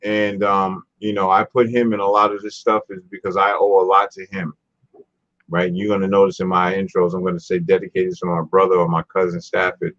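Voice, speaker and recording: A man's voice: sits low, little pitch movement, brisk, fairly bright tone, no echo, lo-fi sound. A man hosting a casual talk show, rambling and laid-back, often repeating himself. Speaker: show host.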